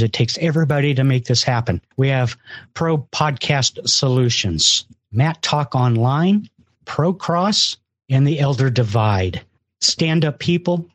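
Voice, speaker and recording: A man's voice: medium pitch, dry recording. A man hosting a live podcast event, talking emphatically and repeating words as he urges listeners. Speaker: event organizer and host. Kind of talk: enthusiastic live show talk.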